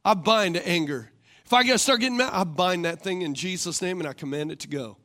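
A man's voice: high voice, brisk, sharp tone. A male pastor preaching a sermon. He repeats his questions and keeps asking the congregation for responses. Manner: rhetorical, calls for congregation responses.

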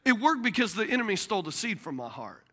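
A man preaching a sermon as a pastor, telling stories in an animated way. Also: sits high, quick pace.

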